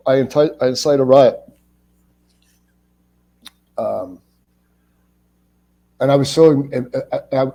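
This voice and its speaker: A middle-aged man with a dark, mellow voice, chatting as an interview guest. He spins his stories with animation, slips into the voices of the people he describes, and stammers over restarts when excited. His tone is relaxed and warm. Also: medium pitch, husky. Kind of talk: casual anecdotal storytelling.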